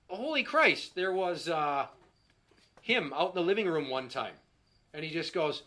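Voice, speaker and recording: A man's voice: high voice, animated, moderate pace, bright, forceful tone. A man in his thirties doing a stand-up set about his kids, profane and exasperated, telling stories on a handheld mic in front of a live audience. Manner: profane, exasperated storytelling, voices his young son. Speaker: stand-up comedian. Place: small comedy stage before a live audience. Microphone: handheld microphone.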